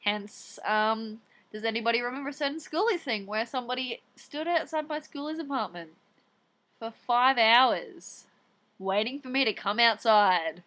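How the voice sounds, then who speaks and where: A young Australian woman chatting casually, telling animated stories with acted-out quotes. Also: on the high side, moderate pace. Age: young adult. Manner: animated storytelling with acted-out quotes, swearing and laughing. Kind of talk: casual chat.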